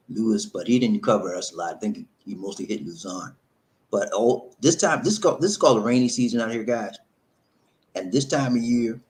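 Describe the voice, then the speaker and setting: A man hosting a casual livestream from his home, reading out viewer comments with loud call-outs and preachy advice. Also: on the low side, rough recording. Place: home in the Philippines, green screen.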